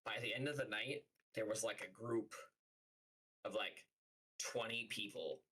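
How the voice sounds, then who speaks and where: A man's voice: fairly low pitch, a little slow, sharp tone, husky, rough recording. A man streaming live, telling a story as a heated, profane rant full of fillers. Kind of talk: casual livestream rant.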